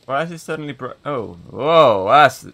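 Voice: mid-range voice, lively intonation, moderate pace, a bit bright. A gameplay channel host making casual joking asides while playing.

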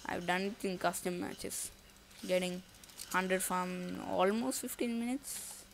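Slow-talking jumpy woman gamer. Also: fairly low pitch, creaky, a little hiss or hum. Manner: jumpy, thinks aloud, nervous outbursts; casual slangy talk to viewers. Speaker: gaming YouTuber. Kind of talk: live gameplay commentary.

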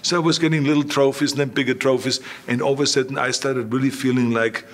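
An older Austrian man, interviewed as a guest, tells anecdotes fast in a medium-pitched, steady voice. He repeats himself and acts out the voices of people he quotes.

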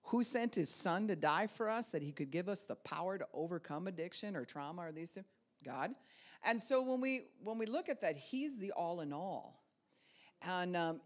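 A woman pastor with a fairly low voice gives a relaxed, conversational spiritual talk. She asks plenty of rhetorical questions and laughs lightly along the way.

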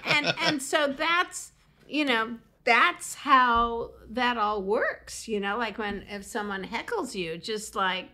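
A comedian and speaking coach, a woman, chats on a podcast in a slightly high, bright voice. She is animated and acts out her punchlines with sudden high whoops. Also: a little slow. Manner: animated storyteller acting out quips with high whoops. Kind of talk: podcast interview.

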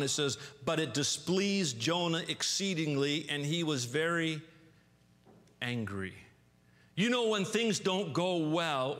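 A male preacher with a fairly high voice delivers a lively sermon, jumping into loud outbursts and stumbling into quick restarts. His voice carries a long reverb from a church sanctuary. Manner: animated, acts out angry quotes with sudden loud outbursts; frequent restarts and repeated words.

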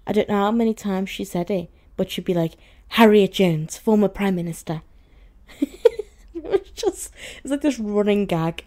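A young woman with a soft Scouse accent, chatting casually through a TV review with lots of fillers and asides. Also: medium pitch. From Merseyside, England. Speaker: TV review vlogger.

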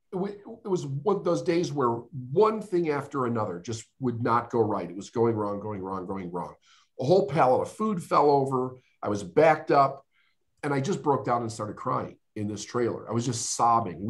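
A middle-aged man, a podcast guest, telling his life story in an earnest, emotional way with dramatic pauses. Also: mid-range voice, expressive. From United States. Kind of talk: storytelling interview.

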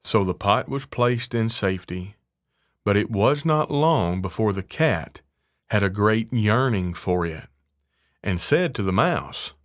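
A man reading a fairy tale aloud in a measured, unhurried way. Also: lowish voice, expressive, no room sound, clean studio sound. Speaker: narrator.

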